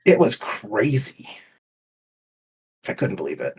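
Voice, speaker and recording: A middle-aged man telling stories in a casual chat, acting out heated exchanges with lively quoted voices. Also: medium pitch, takes it slowly, breathy edge. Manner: animated storyteller, acts out heated quotes. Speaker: podcast co-host.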